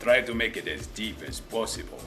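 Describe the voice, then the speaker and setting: A man with a fairly low voice talks loosely about his voice acting work, stopping and restarting his sentences often. Soft music plays faintly underneath. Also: expressive, normal speed. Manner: rambling, many restarts. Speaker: voice actor. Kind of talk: casual interview talk.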